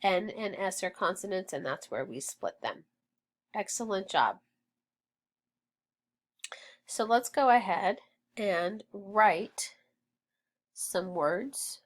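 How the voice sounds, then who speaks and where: A woman teaching a phonics lesson, sounding out words slowly and encouraging her students. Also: mid-range voice, expressive. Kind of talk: slow, deliberate phonics drill.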